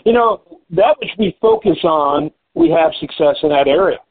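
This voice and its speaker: A male podcast host runs a casual business interview in a somewhat high, husky voice with big pitch swings, at normal speed. He talks loosely, thinking aloud with fillers and repetitions. The audio is thin and narrow, like a phone line.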